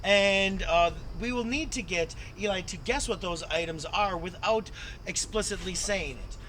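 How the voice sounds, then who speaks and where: High-voiced man hosting improv, noisy. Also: measured pace, a bit bright. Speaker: improv host. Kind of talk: live improv show hosting. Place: outdoor deck. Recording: noisy outdoor deck sound.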